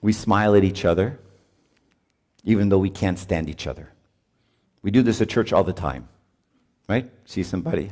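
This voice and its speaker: A man's voice: deep voice, normal speed, pauses often, a little mellow. A man, a priest, giving a conversational talk at a marriage retreat, often adding "right?" and laughing as he speaks. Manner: chatty, often adds "right?", laughs while talking.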